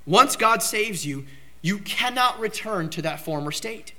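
Brief: male pastor with a bright, high voice, preaching emphatically. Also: lively intonation, measured pace. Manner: emphatic preaching, rising to loud outbursts on key phrases. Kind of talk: sermon.

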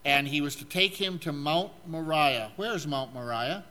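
A man's voice: on the high side, bright, forceful tone. A man preaching a sermon, asking the congregation questions and reading scripture aloud, with frequent fillers. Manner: asks the audience questions, halting with fillers.

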